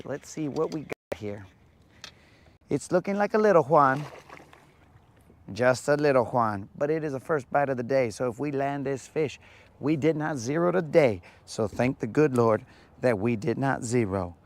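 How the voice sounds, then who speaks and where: A man's voice: medium pitch, animated, normal speed, a little hiss or hum. A man hosting a live fishing vlog from a boat on a lake, bantering in a laid-back, joking way. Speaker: fishing show host.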